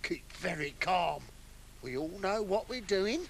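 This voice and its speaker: A performer voicing a hapless, excitable castaway lost at sea in a children's puppet comedy, swinging between calm and wailing panic. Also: mid-range voice, measured pace, creaky, a little hiss or hum. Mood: comic panic.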